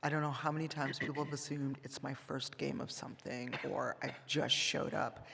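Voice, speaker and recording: A woman's voice: very deep voice, flat delivery, normal speed, gravelly, few pauses, a bit bright, a little hiss or hum. A woman in her fifties speaking on a convention panel, blunt and sassy as she gives advice. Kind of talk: candid convention panel talk. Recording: reverberant convention hall.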